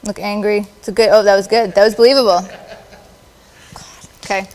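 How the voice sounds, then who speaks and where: A woman's voice: mid-range voice, steady tone, fairly quick, a little mellow, long reverb tail. A woman photographer directing models at a live shoot, with playful, encouraging directions. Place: large studio with audience.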